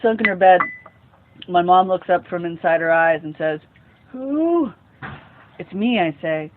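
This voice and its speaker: High-voiced man reading a novel aloud. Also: steady tone, normal speed, slight background noise. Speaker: storyteller host. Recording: tinny phone-like sound.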